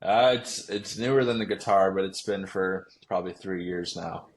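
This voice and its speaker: A young man talks loosely in a podcast interview, his voice sitting on the low side. He rambles, restarts sentences and leans on fillers as he thinks aloud. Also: moderate pace. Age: young adult. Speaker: guest, pro baseball player. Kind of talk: casual interview chat.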